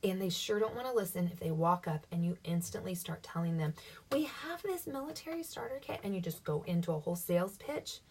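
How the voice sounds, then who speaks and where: Brief: low, breathy woman, chatty team-leader coach, mic set back a bit. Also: fast, few pauses, darkish tone. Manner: chatty, upbeat, acts out sample dialogue. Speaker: direct-sales team leader coaching her team. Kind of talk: casual instructional talk. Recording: voice somewhat distant from the mic.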